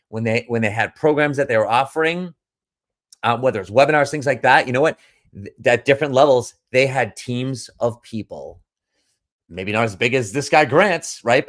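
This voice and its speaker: A man's voice: medium pitch, a bit bright. Rambling man, earnest coach monologue. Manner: rambling, with many restarts and repeated words; emphatic and earnest. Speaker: business coach. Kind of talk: casual storytelling monologue.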